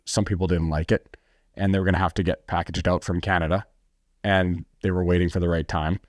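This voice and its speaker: A man's voice: low voice, little pitch movement, fairly quick, no room sound, clean studio sound. A middle-aged man, an entrepreneur guest, telling his story bluntly and intensely in a podcast interview, swearing freely and acting out what others said.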